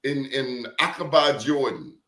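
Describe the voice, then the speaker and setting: A man talking in an animated, emphatic way, leaning on blunt slang as he tells his stories. His voice sits at an ordinary middle pitch, and the room around him gives it a noticeable echo. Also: a little slow. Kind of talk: casual conversation. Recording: roomy echo.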